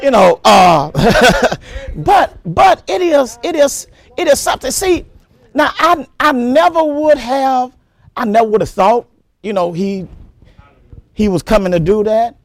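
High, lively preaching pastor. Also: male voice, a little slow, dry recording. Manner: animated preaching, repeats words, laughs often, exclaims praise. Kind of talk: sermon.

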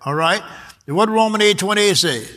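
Bright-voiced man preaching emphatically. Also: sits high, lively intonation, moderate pace. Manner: emphatic, repeats key words, reads scripture aloud. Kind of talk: sermon.

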